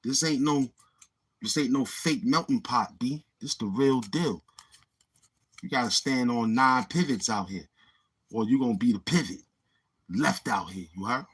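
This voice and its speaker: A man's voice: mid-range voice, measured pace, pauses often, breathy edge. A man with a New York accent hosting a livestream, boasting and taunting his chat in street slang. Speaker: livestream host. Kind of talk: live-stream trash talk.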